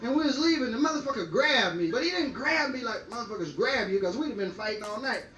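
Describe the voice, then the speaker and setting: High-voiced older man telling crude stories. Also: animated, quick pace, bright, forceful tone, dull audio. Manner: rambling, crude and boastful, breaks into cackling laughs. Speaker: comedian. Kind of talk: bawdy stand-up storytelling. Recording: roomy, distant, noisy old vinyl recording.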